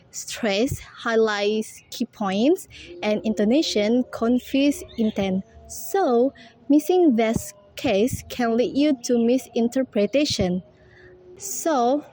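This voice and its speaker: A young woman gives a student presentation, reading each phrase slowly and with care. Her voice sits a little high for a woman, and she takes her time over every word. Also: mellow, rough recording. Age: young adult. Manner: slow, careful, deliberate reading. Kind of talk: read-aloud class presentation.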